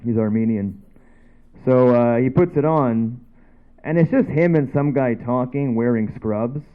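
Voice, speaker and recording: A man's voice: medium pitch, a little slow, clear, resonant tone. A man from Canada doing a loose, rambling stand-up set on a dive bar stage, full of offhand asides. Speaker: stand-up comedian. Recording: dull lo-fi bar recording.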